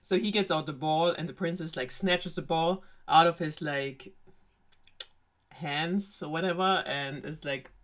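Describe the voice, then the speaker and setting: A woman's voice: low-pitched, measured pace. A young woman with a German accent retelling a fairy tale in a sarcastic, rambling way, with many fillers. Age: young adult. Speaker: storyteller.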